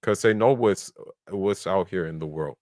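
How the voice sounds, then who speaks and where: Blunt male podcast host, low voice, dry close mic. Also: normal speed, darkish tone, no echo. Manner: blunt, argumentative, recites verses in Arabic. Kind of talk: casual debate talk.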